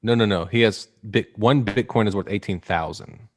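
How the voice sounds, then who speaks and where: A man's voice: fairly low pitch, moderate pace, slight background noise. A man hosting a podcast in casual, rambling chat, joking and teasing his co-hosts. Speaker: podcast host.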